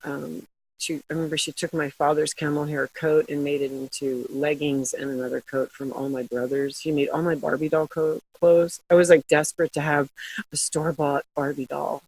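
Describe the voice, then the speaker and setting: A middle-aged woman telling stories in a casual interview, chatty and quick to laugh. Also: low voice, level tone, a little mellow, breathy edge, rough recording. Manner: chatty storytelling, laughs often. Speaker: guest, glassware company founder.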